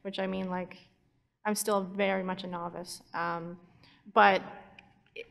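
A woman's voice: on the low side, flat delivery, unhurried, vocal fry, fairly bright tone. A woman chatting casually on a convention panel as a YouTube storyteller. She is chatty and giggly, with many fillers and restarts. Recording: long hall reverb from a convention panel.

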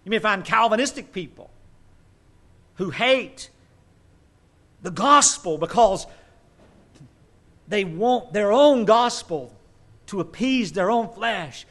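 A man preaches with a fairly high voice. He drives his points hard and then drops into quick, dry asides. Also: expressive, fairly bright tone. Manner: emphatic preaching with asides and mock quotes. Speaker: pastor. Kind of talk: sermon.

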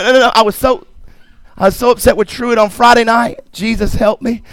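High-voiced emphatic preacher man. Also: a little fast, a bit bright, no room sound. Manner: emphatic preaching with repetition and call-and-response asides. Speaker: pastor. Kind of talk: sermon. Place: church sanctuary.

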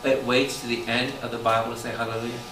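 A man, a Catholic priest, teaching a lively Bible study, firing questions at his listeners and breaking into loud exclamations. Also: medium pitch, fast, music in the background. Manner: animated, quizzes the audience with constant questions, bursts into loud exclamations. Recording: echoey room, distant mic, audible background noise.

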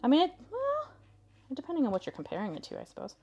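A woman's voice: high voice, huge pitch swings, fast talker, vocal fry, a little mellow, lo-fi sound, slight background noise. Chatty young woman crafting on a live stream. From Canada. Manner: chatty, indecisive, talks to chat and her cat. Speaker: craft video host. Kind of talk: casual live-stream chat while crafting.

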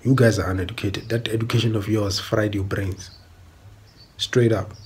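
A man's voice: fairly low pitch, fairly even intonation, normal speed, darkish tone. A South African man ranting bluntly on a stream, repeating himself and swearing. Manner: blunt, repetitive, swearing, emphatic. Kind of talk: angry ranting monologue.

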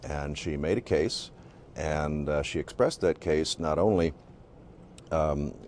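Guest author, extremely low male voice, halting explainer, light background noise. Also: darkish tone. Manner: explanatory, with frequent uh and um pauses. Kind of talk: interview answers.

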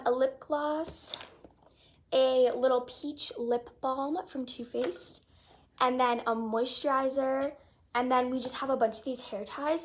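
A woman's voice: high-pitched, a little hiss or hum. A teenage girl chatting casually in a haul video, gushing over her things and filling her talk with "like.". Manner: gushing, chatty, lots of "like" fillers. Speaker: vlogger.

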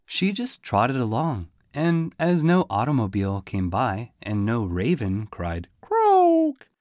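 A man narrating a storybook audiobook in a lively, folksy way. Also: on the low side, unhurried, no echo, studio quality. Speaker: audiobook reader.

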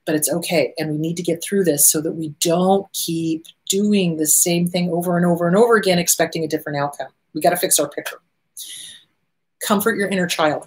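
A woman's voice: on the low side, brisk. A middle-aged woman therapist hosting a show, talking casually and animatedly, often acting out the voices she quotes. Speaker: therapist host. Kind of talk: casual advice talk.

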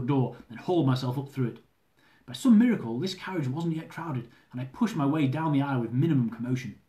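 A man reading his own humorous travel memoir aloud, lively and dramatic, with comic swearing. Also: medium pitch. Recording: roomy echo.

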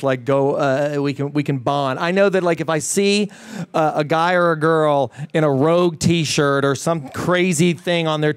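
A middle-aged man as the guest in a casual interview, talking with animated enthusiasm and many fillers and restarts. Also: a little high, clean tone, dry recording. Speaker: fitness trainer guest.

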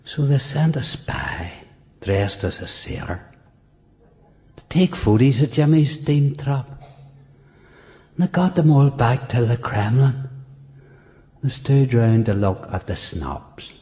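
A man's voice: medium pitch, lively intonation, takes it slowly, pauses often, mellow. A man with a Northern Irish accent reciting a comic poem with dry storytelling and asides, in a performance hall.

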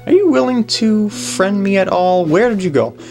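A woman giving playful, chatty commentary on a video game she is playing, often talking to the characters on screen. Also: medium pitch. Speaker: gaming commentator. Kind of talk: let's play commentary. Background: faint game music.

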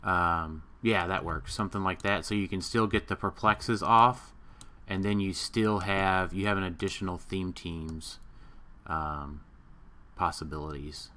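A man with a very deep voice and a bright, forceful edge gives strategy advice on a game turn. He offers his suggestions casually and restarts his sentences as he works out the idea. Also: steady tone, measured pace.

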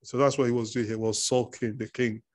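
A man's voice: medium pitch, level tone, brisk. Man preaching a conversational sermon. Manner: conversational teaching, reads scripture aloud, repeats words. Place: church.

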